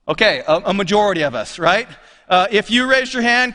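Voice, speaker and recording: A man's voice: high-pitched, a little fast, bright, forceful tone, big-room sound. A man preaching a sermon as pastor, talking conversationally and questioning his congregation. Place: church sanctuary.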